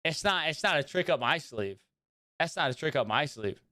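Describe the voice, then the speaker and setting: A man's voice: on the high side, lively intonation, moderate pace, pushed and bright, no room sound, clean studio sound. A young man chatting casually with his viewers while streaming a video game, rambling and greeting them by name. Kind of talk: casual livestream chat while gaming.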